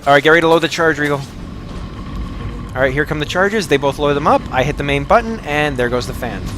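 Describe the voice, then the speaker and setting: A slightly hoarse man hosting gameplay commentary, explaining mechanics to his friends between frequent laughs. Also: fairly high pitch, expressive, fast talker, music in the background. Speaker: host guiding a game run.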